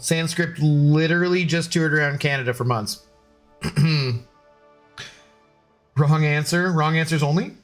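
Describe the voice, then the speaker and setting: Male game streamer, casual sarcastic banter with chat, a touch high-pitched, faint music underneath. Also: a bit bright. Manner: joking, sarcastic, swears freely. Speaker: gaming streamer reading chat.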